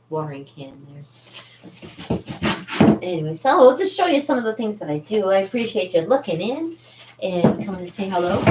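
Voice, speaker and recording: A woman's voice: mid-range voice, background noise. A woman painter chatting casually in her studio, rambling and laughing as she shows her work. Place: art studio indoors. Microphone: camera mic, moving around the room. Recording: roomy studio, voice from a distance.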